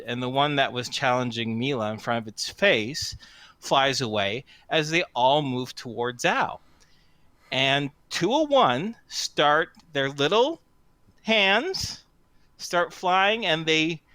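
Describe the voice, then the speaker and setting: A man narrating as game master of a tabletop game, unhurried, with stumbling restarts. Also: medium pitch, sharp tone, dry recording.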